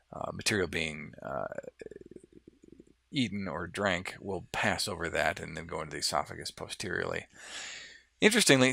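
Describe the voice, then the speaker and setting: A man teaching anatomy, walking through lab models in a relaxed, explanatory way with fillers and restarts. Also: low voice, creaky, dry recording, clean studio sound. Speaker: anatomy instructor. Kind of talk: lab model walkthrough lecture.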